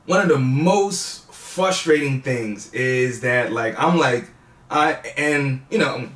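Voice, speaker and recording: A man in his thirties, a guest in an interview, speaking haltingly with many fillers and restarts, tearful and laughing through emotion. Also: mid-range voice, a bit bright, roomy sound.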